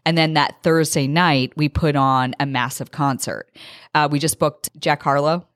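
A woman co-hosting a casual chat podcast, telling stories in quick, animated bursts. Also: deep voice, no room sound, studio quality. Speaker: podcast co-host.

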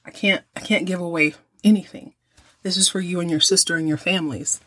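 A woman's voice: lowish voice, fairly even intonation, fairly quick, a bit bright. A Southern woman quoting a domineering wealthy father who defends himself, in her own voice. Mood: defensive.

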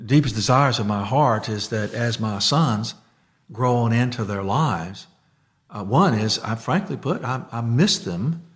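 A man in casual conversation about faith, telling a story with lots of restarts and fillers. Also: on the low side.

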